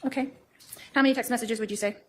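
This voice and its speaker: A woman cross-examining a witness in court with brisk, pointed questions. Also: on the high side, fairly even intonation, a little hiss or hum.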